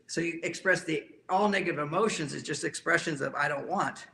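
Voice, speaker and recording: A man's voice: fairly high pitch, fast talker, hardly any pauses, sharp tone. A man speaking as a relationship counselor, giving an emphatic talk to a live audience and often repeating key phrases.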